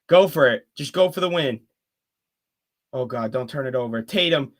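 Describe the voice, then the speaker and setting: A young man giving fan play-by-play commentary of a basketball game, excitable and openly rooting for one team. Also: medium pitch, normal speed.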